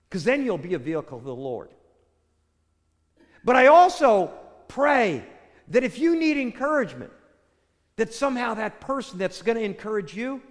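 An older pastor preaches with a high, very lively voice, rising to loud bursts and then dropping almost to a hush. His sermon rings out with the long reverb of a church hall. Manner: storytelling, swings between loud bursts and soft hushed lines.

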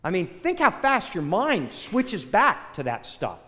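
An older man preaching a sermon, telling a personal story with animated swings between loud bursts and hushed, quiet lines. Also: high voice, a little slow. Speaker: pastor. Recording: long reverb of a large hall.

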